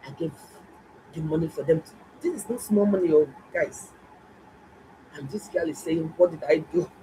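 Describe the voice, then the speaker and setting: A middle-aged woman, a doctor, telling viewers a story in a casual, animated and exclaiming way. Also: low voice, normal speed, slight background noise, rough recording. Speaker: doctor and health vlogger.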